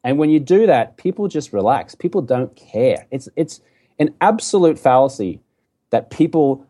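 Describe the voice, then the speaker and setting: An Australian man chats as a podcast guest, upbeat and emphatic, quick with a joke. His voice is mellow and warm rather than bright, sitting in an ordinary middle pitch. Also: very animated. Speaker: guest, sobriety coach. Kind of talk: casual podcast conversation.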